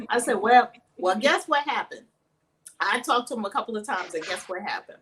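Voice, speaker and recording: A woman's voice: mid-range voice, expressive, normal speed, fairly bright tone, rough recording. A woman telling a funny story in casual chat, acting out quotes and laughing often. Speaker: co-host.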